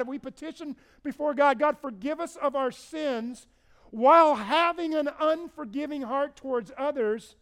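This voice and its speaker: A middle-aged male pastor preaching a sermon in a conversational, storytelling way, repeating words for stress. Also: very high voice.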